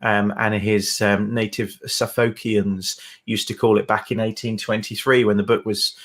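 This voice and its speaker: A man's voice: lowish voice, flat delivery, moderate pace, a bit bright. A man co-hosting a folk music livestream, chatting casually with fillers and rambling asides. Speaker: livestream co-host and singer.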